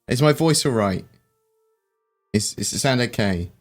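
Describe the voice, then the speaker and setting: A man's voice: medium pitch, expressive, a little slow. A man hosting a casual live chat, rambling and hesitant, with lots of fillers and restarts. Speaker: livestream host. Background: faint background music.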